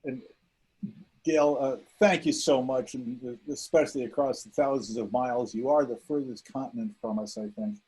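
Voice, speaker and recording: A man's voice: medium pitch, steady tone, moderate pace, a little mellow, husky, rough recording. A man hosting an online memorial event over a video call, introducing speakers in a rambling way with many fillers. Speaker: event host.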